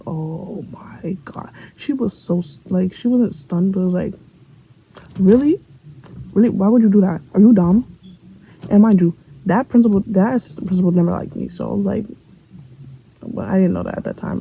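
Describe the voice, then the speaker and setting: A young Brooklyn woman with a New York accent tells a casual storytime for her vlog, blunt, profane and joking, acting out everyone else's lines. Her voice is dark, gravelly and on the low side. The audio is poor, with a faint hiss of room noise behind her.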